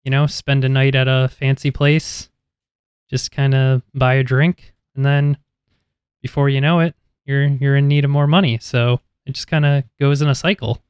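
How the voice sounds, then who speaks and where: A man's voice: medium pitch, little pitch movement, moderate pace, clean tone, no echo, clean studio sound, natural voice. A man voicing Morthos, an easygoing rogue companion, in a tabletop game, talking in a casual, rambling way.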